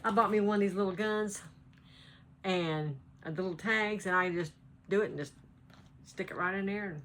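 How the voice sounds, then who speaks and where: A woman's voice: medium pitch, moderate pace, fairly bright tone, slight background noise. A woman with a Southern American accent, chatting casually at home as a cross-stitch vlogger, rambling and laughing often. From North Carolina. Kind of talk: casual chat.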